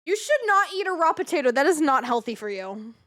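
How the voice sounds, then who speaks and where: Young woman streamer, very high voice, rambling, excitable and swearing casually. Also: brisk. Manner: rambling, excitable, swears freely, repeats herself. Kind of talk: casual live-stream chat.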